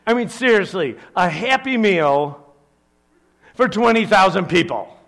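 Brief: older male preacher, high-set voice, unhurried, lively storyteller. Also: creaky. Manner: animated storytelling with playful asides. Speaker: pastor. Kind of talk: sermon.

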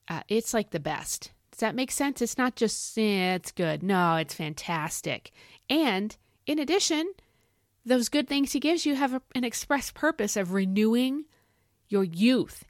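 A woman podcast host teaching from the Bible in an excited, folksy, emphatic way. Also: medium pitch, no room sound, studio quality. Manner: animated, folksy, emphatic with y'all.

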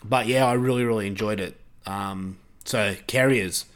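A man's voice: fairly low pitch, moderate pace, smooth. A man hosting a podcast, chatting casually about a film and rambling through many fillers and restarts. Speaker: podcast host. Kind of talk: casual movie review chat.

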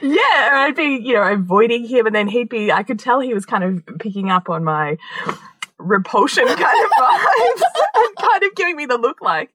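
Animated, husky-voiced woman telling stories. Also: fairly high pitch, moderate pace, no echo, low-quality recording. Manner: laughs often, swears, animated storytelling. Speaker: podcast co-host. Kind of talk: casual chat.

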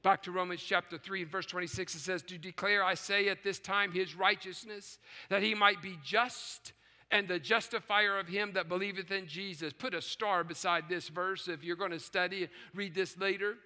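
Man, pastor, sermon, high pitch, sharp tone, long church reverb. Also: steady tone, moderate pace. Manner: preaching with dramatic swings from hushed to shouting. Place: large church sanctuary with choir and orchestra. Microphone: live stream.

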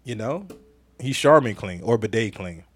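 A man's voice: on the low side, expressive, normal speed, breathy edge, no echo. Man, podcast host, casual live chat, laughs a lot, repeats himself, dry close sound. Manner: laughing, playful, repeats phrases. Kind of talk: casual live-stream chat reading comments.

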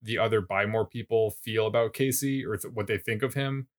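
A man's voice: on the low side, steady tone, a little fast. A man co-hosting a podcast, recapping an episode in casual chat with a wry, teasing manner. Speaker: podcast co-host.

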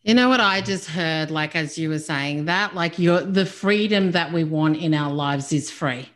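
Woman podcast host, lowish voice, keen and chatty, lots of "like". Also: moderate pace. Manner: enthusiastic, fills speech with "like". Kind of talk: casual podcast interview.

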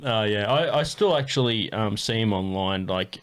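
A man's voice: on the low side, animated, normal speed. An Australian man in his thirties, co-hosting a podcast and telling stories in casual chat, swearing and laughing often. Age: 30s. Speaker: podcast co-host.

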